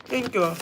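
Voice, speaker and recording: A woman hosts a laid-back livestream from home, answering her viewers' comments one after another. Her voice is bright and forward, and her talk is chatty and scattered, with easy laughs and half-finished asides. A faint hiss sits under the audio. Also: mid-range voice. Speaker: livestream host.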